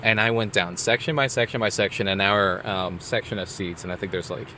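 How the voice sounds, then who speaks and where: A young man co-hosting a podcast, telling a story in casual chat, animated and acting out his own quoted lines. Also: lowish voice, fairly quick, slight background noise. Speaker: podcast co-host.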